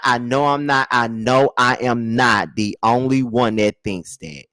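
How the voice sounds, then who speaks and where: A man hosting a live celebrity gossip chat, sassy and animated, scolding with sudden high exclaims and drawling "child" and "honey". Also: measured pace, hardly any pauses, clear, resonant tone, no echo. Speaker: gossip show host.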